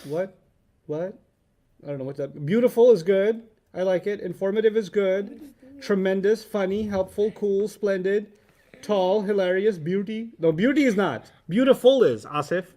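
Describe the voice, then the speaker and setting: A man's voice: high-pitched, warm tone. Playful, teasing male teacher. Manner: playful, teasing, quick to laugh. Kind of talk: classroom lesson with students.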